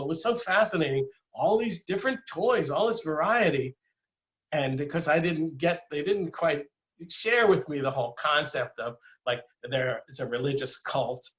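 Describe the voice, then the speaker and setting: A man's voice: medium pitch, fairly bright tone, highs cut off. An older man giving a casual illustrated talk as a guest speaker, rambling with many fillers and restarts. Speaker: guest speaker, former animator.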